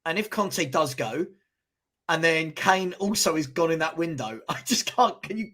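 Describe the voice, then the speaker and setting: A man co-hosting a live football fan stream, animated and posing questions with stammering restarts. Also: fairly high pitch, moderate pace.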